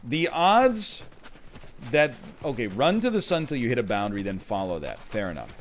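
A man streaming a video game, reacting to chat with sarcastic, animated commentary and sudden shouts. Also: mid-range voice, moderate pace, slight background noise. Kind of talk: casual live-stream commentary while gaming.

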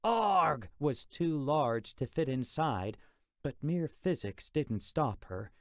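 A man narrating an audiobook in a steady, measured storytelling manner. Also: fairly high pitch, dry recording, studio quality. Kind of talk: scripted narration.

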